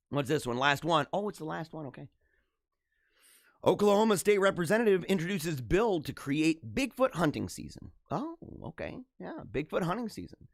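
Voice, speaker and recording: Live show host, man, high voice that swoops all over, comic rants, dry close sound. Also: moderate pace, dry recording. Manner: animated, ranting, jokey; laughs often. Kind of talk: casual live-stream commentary.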